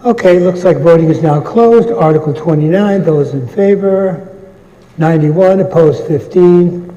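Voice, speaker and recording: A man running a town meeting from the podium, brisk and procedural with the odd light aside. His voice is mellow and fairly high, and it rings through a big echoey hall with a long tail of reverb. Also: highs cut off.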